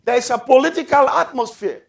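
A man preaching a sermon to his congregation, calling for amens and shouting out drawn-out phrases. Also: extremely high pitch, vocal fry. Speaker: pastor.

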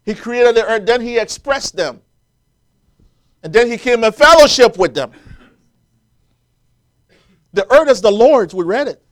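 A man's voice: very high voice, lively intonation, unhurried, long pauses. A man preaching a sermon, quoting scripture and building to emphatic, rising peaks as the congregation answers.

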